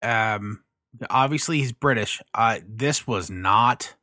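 A man's voice: on the low side, takes it slowly, pushed and bright, no echo, clean studio sound. A man co-hosting a casual movie review chat, laid-back and hesitant with many fillers.

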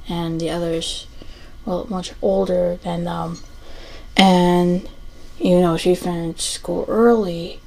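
A woman's voice: fairly low pitch, a little mellow, poor audio. A young adult woman hosting a casual solo podcast, rambling with lots of fillers and restarts. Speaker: podcast host.

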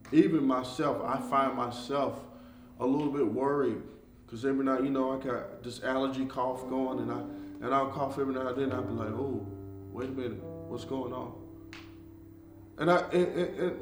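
A man preaching an online devotional sermon, moving from quiet reflection to loud, fervent, repetitive exhortation. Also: medium pitch, steady tone, normal speed, recorded from a distance. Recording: echoey room, off-mic, guitar music behind. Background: soft guitar music.

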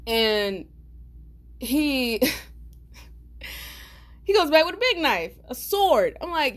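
Animated slangy woman telling a story. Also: high voice, slow, pauses often. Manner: animated, slangy, blunt, laughs while telling. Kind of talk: casual storytime.

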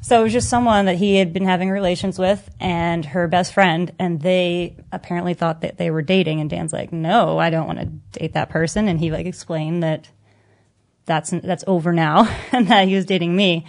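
A young woman in her twenties, chatting casually as she tells an animated story and lifts her pitch when she quotes herself. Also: moderate pace. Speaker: guest storyteller. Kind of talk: casual chat.

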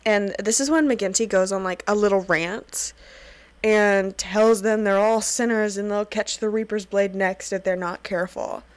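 A woman records a solo podcast close to the mic in a dry, dead room. She recaps a TV episode in casual talk, animated and sweary. Her voice sits at a middle pitch. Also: normal speed, no room sound. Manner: animated, sweary, laughs often, rants.

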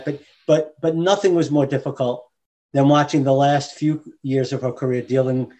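A man guesting on a podcast, speaking earnestly and haltingly, with many restarts. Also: mid-range voice, warm tone. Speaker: podcast guest, teacher's spouse. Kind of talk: casual podcast chat.

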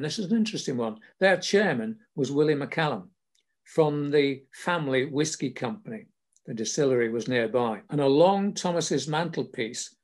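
Recalling his career, an older man with a southern English accent spins casual, chatty anecdotes and laughs a little. His voice is medium-pitched with a darkish tone.

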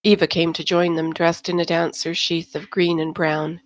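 A woman narrating a science-fiction novel in a steady, measured storytelling manner. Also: lowish voice, low-quality recording. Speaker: audiobook narrator. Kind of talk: scripted narration.

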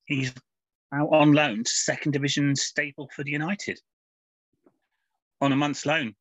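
A man's voice: on the high side, flat delivery, a little slow, a bit bright, dry recording. A man co-hosting a casual podcast, rambling along with plenty of fillers and restarts. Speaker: podcast co-host. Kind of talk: casual chat reviewing comics. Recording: dull lo-fi podcast audio.

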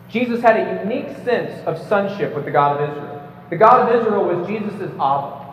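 Man, emphatic debate speech, lecturing tone, slightly dull distant recording, faint room noise. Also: high-pitched. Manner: emphatic, lecturing, with occasional stumbles and jokes. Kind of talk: prepared debate speech to a live audience. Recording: echoey hall, distant mic, slightly dull.

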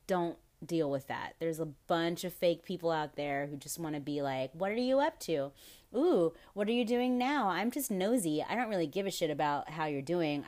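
Frank, profane woman podcaster. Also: low voice. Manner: frank and profane, laughs often, rambling asides. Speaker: podcast host. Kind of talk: casual podcast monologue.

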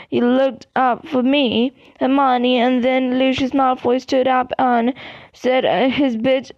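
Brief: grieving big groundskeeper, slow rough speech, read by a woman, dry lo-fi recording. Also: sits high, darkish tone, dry recording, heavily acted.

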